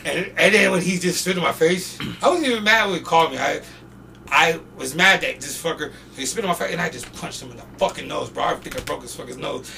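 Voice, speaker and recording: A man telling stories in a casual, animated way, full of slang and swearing and getting loud when he acts out the scenes. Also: a little high, fast talker, creaky, recorded from a distance, slight background noise. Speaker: podcast guest. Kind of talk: casual storytelling.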